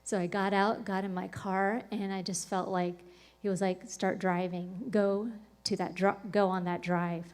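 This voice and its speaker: A woman talks casually on a podcast, with a voice of ordinary middle pitch. She tells a personal story in a loose, rambling way and fills her speech with "like" and "um". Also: flat delivery, unhurried, a little mellow. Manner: rambling, full of "like" and "um" fillers. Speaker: podcast speaker.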